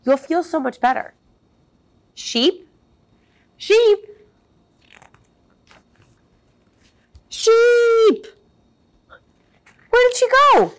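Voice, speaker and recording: A woman's voice: on the high side, big pitch swings, takes it slowly. A woman voicing an earnest, coaxing sheepdog. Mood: calling. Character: helpful, earnest male sheepdog. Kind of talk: children's storybook read-aloud.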